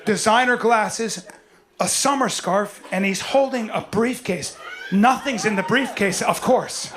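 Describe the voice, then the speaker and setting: A middle-aged man performing a swaggering stand-up comedy set on stage, often shouting his punchlines. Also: high-pitched, unhurried. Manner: loud, swaggering, punchy delivery with frequent shouting. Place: stage before a live audience. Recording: live show with audible audience noise.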